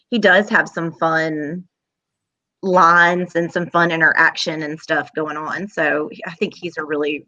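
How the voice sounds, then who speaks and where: A woman hosting a casual chat, talkative and quick to laugh. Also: on the low side, bright, forceful tone, lo-fi sound. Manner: chatty, laughs often, multitasking. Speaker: host.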